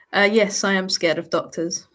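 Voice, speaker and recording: Slow-talking woman hosting a live Q&A. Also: medium pitch. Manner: chatty, laughs often, reads out viewer questions. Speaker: livestream host answering viewer questions. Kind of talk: casual live Q&A chat.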